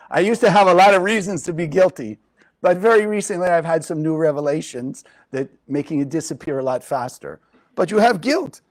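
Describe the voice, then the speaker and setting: A man with a high voice teaching a spiritual lesson to a live group. He speaks expressively and keeps turning to his listeners with questions. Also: lively intonation, brisk, rough recording.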